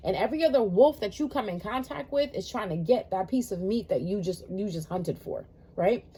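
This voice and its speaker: A woman's voice: mid-range voice, expressive, a little fast, warm tone, husky. A woman giving a blunt, profane and passionate horoscope talk as a tarot reader. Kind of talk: casual horoscope monologue.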